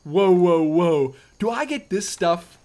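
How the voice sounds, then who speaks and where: A man giving excitable, chatty commentary over his game, often exclaiming and joking. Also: high voice, slow. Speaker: let's play gamer. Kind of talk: live gameplay commentary.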